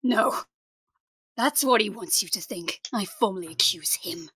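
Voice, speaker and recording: A woman's voice: mid-range voice, expressive, measured pace, sharp tone, breathy edge, full character voice. A woman voicing a grieving character who accuses the doctor, in an amateur online audio drama, emotional and pointed. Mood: accusing.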